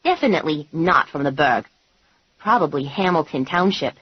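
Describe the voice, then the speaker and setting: A woman reading a comic novel in the first person, with a wry, animated delivery. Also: deep voice, normal speed, husky, no echo. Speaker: audiobook narrator. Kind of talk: scripted audiobook narration. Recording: dull, dry lo-fi recording.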